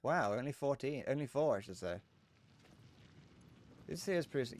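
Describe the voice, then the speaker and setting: Lively young man streaming games. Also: medium pitch, moderate pace, pauses often. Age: 20s. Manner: joking, swearing, chatting to viewers. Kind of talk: casual live gameplay chatter.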